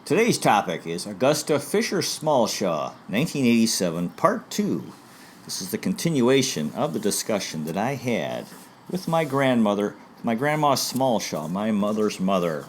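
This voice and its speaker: Low-voiced man hosting a history show. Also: sing-song, normal speed, a little hiss or hum. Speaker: host. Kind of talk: introduction to a history episode.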